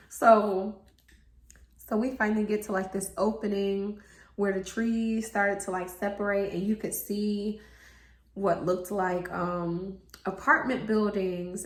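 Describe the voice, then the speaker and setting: A woman's voice: mid-range voice, measured pace. A young woman vlogger telling a story in casual chat to her viewers, swearing freely and acting out what people said. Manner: animated, swears freely, acts out quotes. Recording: roomy echo.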